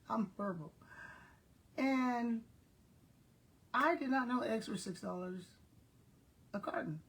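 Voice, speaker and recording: Slowly and with frequent pauses, a retired principal from South Texas chats casually with her viewers, telling everyday stories. This older woman's voice sits on the high side.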